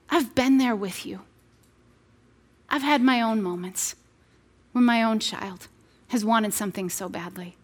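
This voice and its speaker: A woman's voice: on the high side, unhurried, long pauses. A woman in her thirties giving an earnest, conversational devotional talk to mothers, with frequent restarts and playful asides. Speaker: speaker addressing mothers. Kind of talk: sermon-style devotional talk.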